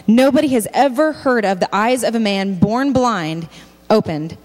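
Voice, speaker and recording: A woman's voice: fairly high pitch, lively intonation, moderate pace. A woman giving a sermon, reading scripture aloud and stopping to comment directly to her listeners. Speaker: speaker giving a faith talk. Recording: long hall reverb.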